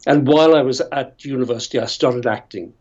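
A man's voice: medium pitch, a little fast, darkish tone, lo-fi sound. An older man from Northern Ireland, an actor telling long, rambling stories with many tangents and chuckles. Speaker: actor guest. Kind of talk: storytelling interview.

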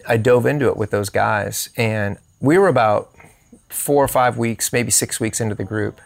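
A man's voice: lowish voice, creaky. A man who is a podcast guest, telling a personal faith story and acting out quoted dialogue in shifting voices.

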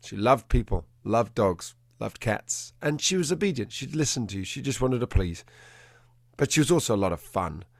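A man, a dog trainer, telling a story in an animated way and acting out the quotes in a changing voice. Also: mid-range voice, moderate pace, gravelly, dry recording, clean studio sound. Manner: animated, acts out quotes in a shifting voice. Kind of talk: conversational storytelling.

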